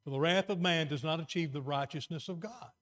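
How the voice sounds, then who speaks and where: A middle-aged man preaching a sermon, moving between quiet, earnest emphasis and raised exhortation. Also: fairly high pitch, a little fast.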